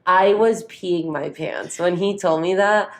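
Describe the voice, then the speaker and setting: A woman's voice: on the low side, a little slow. A woman co-hosting a podcast in casual chat, retelling stories and acting out what others said. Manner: storytelling, animated retelling with quoted voices. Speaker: podcast co-host.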